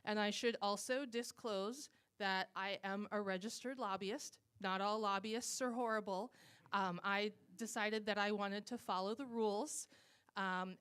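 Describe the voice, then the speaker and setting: A woman's voice: medium pitch, fairly bright tone, clear, resonant tone. A woman who co-founded a civic group and works as a citizen lobbyist, giving a casual, chatty talk to an audience and rambling with frequent fillers. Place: speaking at a live event with a microphone.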